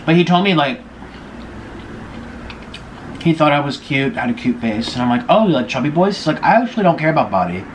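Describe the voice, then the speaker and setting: A man's voice: a little high, very animated, a little fast, long pauses, slight background noise. Chatty young man gossiping while eating. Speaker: vlogger. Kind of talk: casual mukbang chat.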